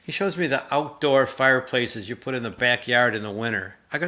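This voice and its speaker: A middle-aged man co-hosting a casual chat with his mother, telling rambling, animated stories and mimicking voices in them. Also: medium pitch, a little fast, hardly any pauses. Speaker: co-host.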